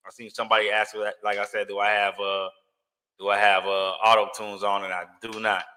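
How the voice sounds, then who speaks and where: Male livestream host, bright, forceful voice, chatty and repetitive, slang-heavy. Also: fairly low pitch, flat delivery, brisk. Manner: loose, slangy, repeats himself, thinks aloud. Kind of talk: casual live-stream chat with viewers.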